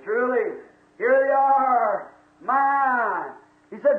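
A man's voice: very high voice, lively intonation, slow. A man preaching a fiery sermon in a church, folksy and full of exclamations. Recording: tinny echoey old church tape.

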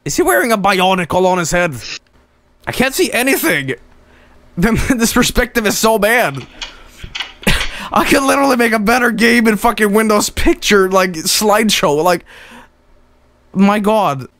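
A man's voice: high voice, animated, a little slow, long pauses, a bit bright, no echo. A man doing profane, mocking let's play commentary on bad games, laughing often. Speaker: streamer.

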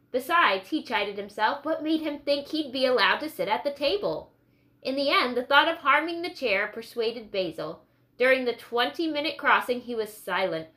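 A woman narrating a novel for an audiobook in a steady, clear reading voice. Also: on the high side. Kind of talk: scripted storybook narration.

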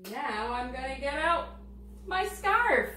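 A woman children's librarian leading a baby storytime, reading aloud and singing nursery songs in a gentle, playful way. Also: high voice, sing-song, slow pace, echoey room, slight background noise. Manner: sing-song, gentle and playful, talking to toddlers.

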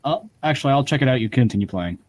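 A man's voice: medium pitch, expressive, fast, no echo. A young man chatting with a friend during a game stream, swearing and laughing wryly. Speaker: gamer, video editor. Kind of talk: casual gaming banter.

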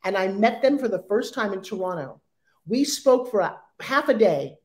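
A woman in her sixties speaking as an interview guest, animated and acting out sales pitches in quoted voices. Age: 60s. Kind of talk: energetic interview talk.

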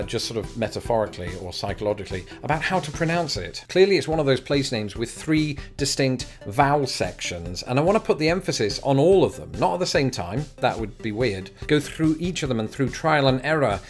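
A young English man hosting a casual vlog, talking with wry, self-deprecating asides. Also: medium pitch. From England. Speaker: YouTube host.

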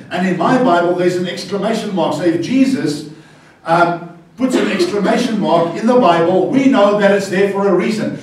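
A South African pastor preaching a lively, playful sermon and bantering with his congregation. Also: high voice, moderate pace. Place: church hall. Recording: very echoey church hall, far from the mic.

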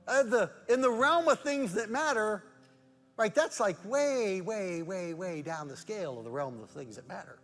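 A man preaching a sermon as pastor, moving between loud emphatic rhetorical questions and soft, hushed prayer. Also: high voice, expressive, moderate pace, long reverb tail, soft background music. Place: church sanctuary.

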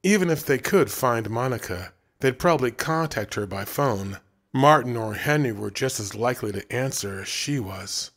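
Man narrating a story, expressive reading. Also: mid-range voice, moderate pace. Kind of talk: audiobook narration.

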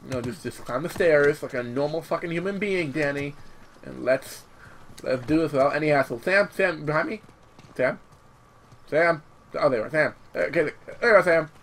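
A man's voice: on the high side, slight background noise. A young man hosting a gaming channel, chatting casually over gameplay, rambling with many restarts and casual swearing. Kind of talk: let's-play commentary.

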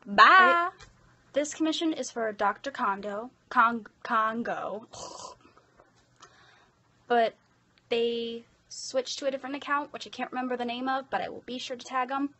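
A woman's voice: fairly high pitch, normal speed, a bit bright. A young woman with an Irish accent, chatting casually and self-deprecatingly about her voice-acting commissions. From Ireland. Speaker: hobby voice actor.

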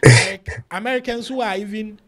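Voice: mid-range voice, moderate pace, fairly bright tone. An interviewer, asking questions in a playful, teasing way and mixing in pidgin phrases. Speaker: host, interviewer. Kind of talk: casual street interview.

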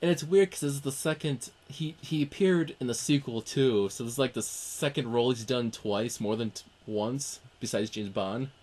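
A man's voice: medium pitch, normal speed, hardly any pauses, darkish tone. A man co-hosting a casual film podcast, rambling with many fillers and restarts. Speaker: podcast co-host.

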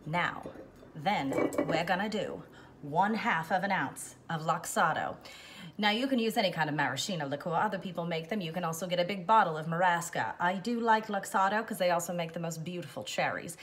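A woman's voice: lowish voice, a little fast, background noise. A woman hosting a casual cocktail how-to, playful, slipping in and out of a put-on continental accent. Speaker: cocktail show host.

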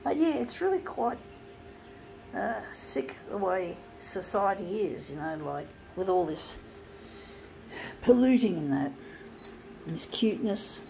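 A woman's voice: medium pitch, animated, slow pace, vocal fry, long pauses, warm tone, slight background noise, rough recording. A woman ranting angrily and swearing while working on a craft project, indignant and blunt. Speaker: craft vlogger.

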